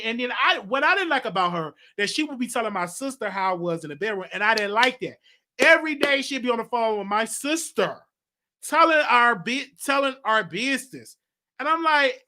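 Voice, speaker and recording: A man hosting a show and telling a personal story in a rambling, animated way, with laughter and many restarts. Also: very high voice, normal speed. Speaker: talk show host. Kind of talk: casual storytelling monologue.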